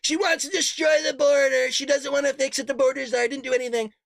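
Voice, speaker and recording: A man's voice: very high-pitched, steady tone, fast talker, vocal fry, a bit bright, no echo, clean studio sound, pitched above the performer's own voice, exaggerated voice. A man putting on a mocking, exaggerated impression of a blustering male politician. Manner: exaggerated, ranting.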